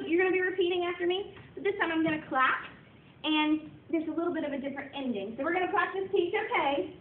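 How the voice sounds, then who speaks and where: A woman's voice: sits high, slight background noise. A young woman teaching a class, practicing call-and-response routines in an upbeat, encouraging way. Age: young adult. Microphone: distant camera mic. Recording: distant, echoey, phone-like room recording.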